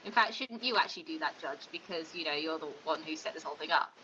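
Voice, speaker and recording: A woman co-hosting a comedic podcast as the prosecutor, critiquing a film in an opinionated, sharp-tongued way. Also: sits low, fast talker, slight background noise, low-quality recording.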